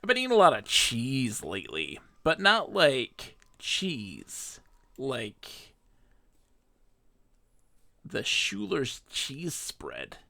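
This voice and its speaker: A man's voice: mid-range voice, wildly swooping pitch, drawn-out words, creaky, long pauses, pushed and bright. A man streaming a game live, chatting casually and reading the game text aloud. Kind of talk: casual gameplay commentary.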